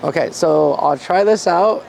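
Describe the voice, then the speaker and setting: A man's voice: on the high side, unhurried, creaky, a crowd in the background. A man with a stuffy nose, playfully reviewing pastries in a casual outdoor food vlog. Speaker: food vlogger in costume.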